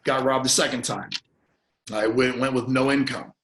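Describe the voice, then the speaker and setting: Telling a painful story of his own on a podcast, an earnest guest keeps restarting and repeating words, and his voice catches at emotional moments when he's choked up. He has a medium-pitched, fairly bright voice, steady in tone and at a moderate pace. A roomy echo and a little hiss or hum color the recording.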